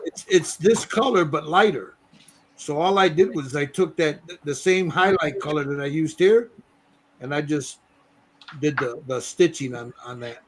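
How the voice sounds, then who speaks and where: A man with a slightly high voice talks casually as he paints a model in a hobby workshop. He rambles between explanations and banter and swears freely. A faint hum of ambience sits behind him. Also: normal speed. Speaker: host painting a model bust. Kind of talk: casual chat while painting.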